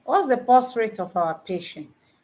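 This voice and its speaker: A woman tutoring nurses in a live online lesson, teasing her students and quizzing them with repeated questions, counting aloud slowly. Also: a little high, big pitch swings, darkish tone. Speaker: nursing exam tutor.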